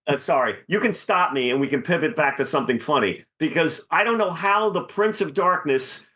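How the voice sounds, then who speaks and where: A man co-hosting a comedy podcast, talking in an animated, rambling way with many restarts. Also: on the high side, fairly quick, hardly any pauses. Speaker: podcast co-host. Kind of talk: casual comedy chat.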